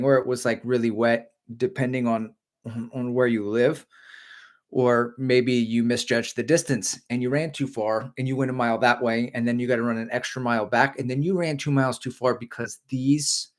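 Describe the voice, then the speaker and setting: A middle-aged man hosting a casual running livestream, joking, rambling and reading out viewers' chat comments. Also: mid-range voice.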